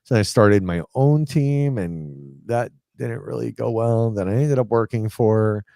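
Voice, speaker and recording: Here a forties-aged man rambles through a personal anecdote, heavy on fillers and slipping into quoted dialogue as he acts out others' words. His pitch is fairly low and his tone dark with vocal fry, at a measured pace. It's a dry, studio-quality recording.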